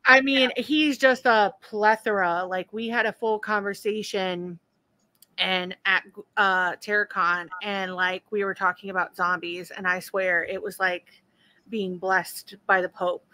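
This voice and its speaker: Enthusiastic woman host with a bright, forward voice. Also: medium pitch, steady tone, dry recording, rough recording. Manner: enthusiastic, chatty, quick to laugh. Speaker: podcast host. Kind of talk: casual chat.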